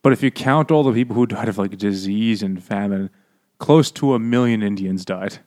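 A man's voice: on the low side, normal speed, a little mellow. A man co-hosting a beer-and-books podcast, talking in a loose, profane, chatty way. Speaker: podcast co-host. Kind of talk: casual book-club chat over beers.

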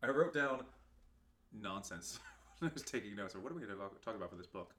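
A man's voice: fairly low pitch, animated, quick pace, sharp tone, slight background noise. A young man co-hosting a podcast, chatting casually and crudely about a book, often laughing and acting out scenes. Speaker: podcast co-host.

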